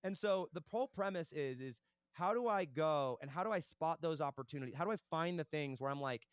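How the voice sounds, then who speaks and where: A young man speaks fast and eagerly as an interview guest, recounting his business deals. His voice sits a little high, and the recording is dry and close. He keeps checking in with "right?" as he goes. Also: animated, clear, resonant tone, no room sound. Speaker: podcast guest, entrepreneur. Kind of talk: casual interview storytelling.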